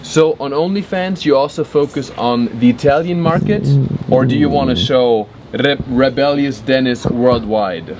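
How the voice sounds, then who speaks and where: A man, hosting a casual podcast in an excitable, laughing way and swearing freely. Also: mid-range voice, moderate pace, noisy background. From Germany. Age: 20s. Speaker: podcast host.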